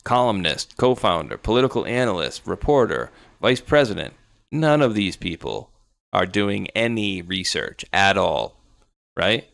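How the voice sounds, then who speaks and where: A man's voice: low voice, very animated, measured pace, creaky, fairly bright tone, no room sound. A man co-hosting a talk show, chatting loosely and rambling with sarcastic asides. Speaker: podcast co-host. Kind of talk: casual political chat.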